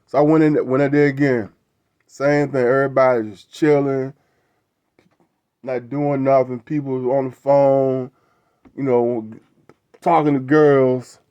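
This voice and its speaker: A man's voice: medium pitch, level tone, a little slow, long pauses, dark tone, clean tone, dry recording, muffled recording. A middle-aged man hosting a show, telling a casual story in a rambling way, repeating words and tagging lines with "right?". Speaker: show host.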